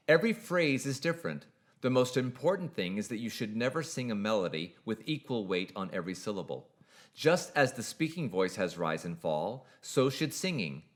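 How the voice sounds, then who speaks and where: A man narrating a scripted singing lesson in a measured, precise, explanatory way. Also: mid-range voice. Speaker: singing teacher.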